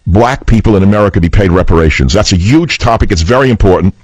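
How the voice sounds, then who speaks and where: A man's voice: fairly low pitch, dry recording, rough recording. A man hosting political talk radio, speaking in a combative, scornful and emphatic way.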